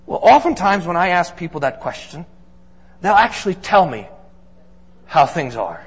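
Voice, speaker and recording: A man's voice: sits high, sing-song, normal speed, slightly rough. A man preaching as a pastor, earnest and emphatic, building points through repeated lists in a sermon. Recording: long reverb of a large hall.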